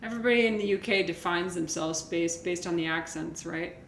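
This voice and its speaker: A woman's voice: fairly low pitch, a little fast, gravelly, fairly bright tone. A woman streamer, chatting casually with viewers in a rambling way, full of fillers and restarts. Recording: echoey room with faint noise.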